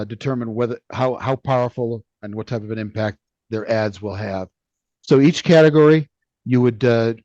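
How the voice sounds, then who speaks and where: A man co-hosting a business podcast, talking casually and haltingly, often restarting his sentences. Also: medium pitch, darkish tone, dry recording. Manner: halting, many restarts and fillers. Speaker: podcast co-host. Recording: slightly dull lo-fi sound.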